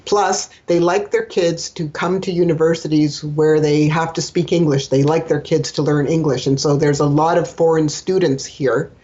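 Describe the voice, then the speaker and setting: A woman from Canada, a guest on an interview podcast, explaining things in a steady, friendly way. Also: sits low, moderate pace, few pauses, highs cut off. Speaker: guest, dental hygienist and communication trainer. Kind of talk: casual interview chat.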